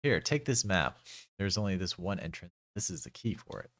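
A man putting on a gruff threatening thug, deep voice, dry close mic. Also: animated, moderate pace, a bit bright, no echo. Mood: bossy.

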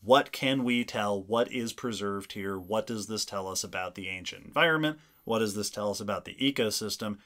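A man co-hosting a science podcast, explaining research studies in a clear, measured way. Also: lowish voice, a bit bright. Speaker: podcast co-host. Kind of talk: casual science podcast chat.

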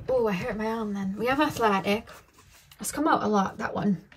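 A woman reading tarot cards for her viewers in a relaxed, chatty way. She rambles and thinks out loud, leaning on fillers as she goes. Her pitch sits at an ordinary middle height. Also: moderate pace, slight background noise. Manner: loose and rambling, thinking aloud with many fillers. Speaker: tarot card reader. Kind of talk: casual pick-a-card tarot reading.

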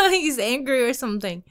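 Lively young woman chatting over gameplay. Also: high-pitched, a little slow. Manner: chatty, scolds and talks to game characters. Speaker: let's play host. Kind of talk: casual gameplay commentary.

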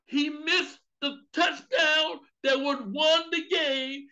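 Bright-voiced, animated male preacher. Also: extremely high pitch, slow. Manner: animated, comedic storytelling with outbursts. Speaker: pastor. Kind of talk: sermon at an online Bible study.

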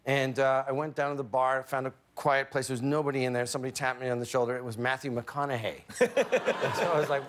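A man from Canada, a talk show guest telling a comic story with fumbling restarts and quick self-deprecating asides. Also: mid-range voice, a bit bright, slight background noise. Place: TV studio.

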